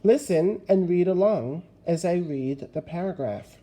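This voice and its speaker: Male teacher, recorded remote lesson, deliberate delivery that leans on key words, warm dark tone. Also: high voice, expressive.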